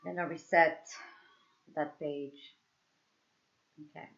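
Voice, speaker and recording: A woman's voice: low-pitched, flat delivery, slow pace, creaky, fairly bright tone, lo-fi sound, slight background noise. A young woman from France with a French accent, chatting casually on a live stream as she works through a coding puzzle. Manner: apologetic, chatty, talks through each step.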